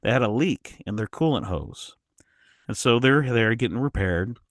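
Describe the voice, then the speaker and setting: A man guest on a podcast, telling a travel story in an animated way, often restarting his sentences. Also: medium pitch, moderate pace, dry recording, studio quality. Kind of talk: casual storytelling.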